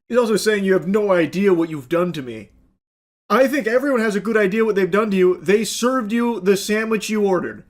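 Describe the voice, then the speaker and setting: A man commenting on a video clip in a sarcastic, exasperated way, swearing bluntly. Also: high-pitched. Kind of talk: reaction commentary.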